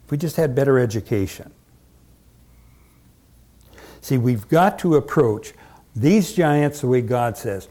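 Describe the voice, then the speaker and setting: A man's voice: mid-range voice, lively intonation, normal speed, dark tone. A male pastor preaching a sermon, emphatic and full of rhetorical questions.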